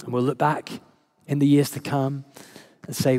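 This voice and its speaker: A man's voice: medium pitch, flat delivery, moderate pace, mellow. A man preaching a sermon as a priest, telling stories conversationally and emotionally, with frequent laughs. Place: church service.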